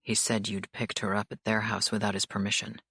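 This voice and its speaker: A woman voicing a cool, controlled male mafia boss who speaks calmly and evenly. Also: gravelly, husky, no echo, studio quality, heavily acted. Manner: calm, low, measured delivery.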